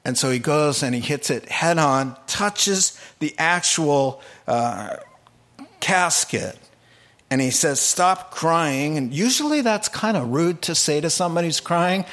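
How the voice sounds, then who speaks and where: A man preaching a sermon, telling the story with animated energy and humorous asides. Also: on the high side, unhurried.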